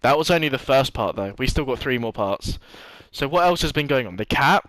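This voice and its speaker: A man's voice: mid-range voice, expressive, fairly quick, fairly bright tone, no echo, rough recording. A young man telling a long rambling story to his vlog audience, swearing freely and laughing often. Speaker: vlogger. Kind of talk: casual storytelling monologue.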